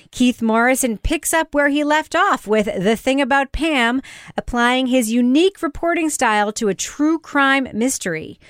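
A woman's voice: on the high side, no echo, clean studio sound. Opinionated woman hosting a podcast. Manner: animated, opinionated, laughs easily. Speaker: podcast host. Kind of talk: casual review chat.

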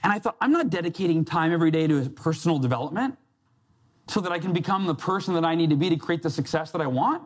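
A man's voice: on the high side, lively intonation, quick pace. A man giving a motivational talk to a live audience, telling a personal story and acting out the quoted voices. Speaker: success coach and speaker.

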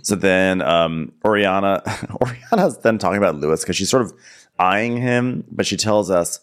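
A man's voice: low-pitched, normal speed, smooth. A man co-hosting a comedic TV recap podcast, making wry, dry comments. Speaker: podcast co-host.

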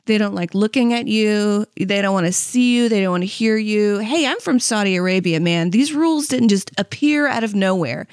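A woman's voice: medium pitch, expressive, normal speed, hardly any pauses, no echo, clean studio sound. A woman in her thirties on a comedy podcast, rambling candidly and mocking herself, with lots of "like" and "you know what I mean.". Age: 30s. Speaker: podcast host. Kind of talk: comedic monologue.

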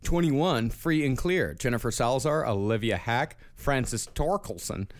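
A man's voice: mid-range voice, measured pace. A man co-hosting a podcast in casual chat, reading out quiz questions in a dry, matter-of-fact way.

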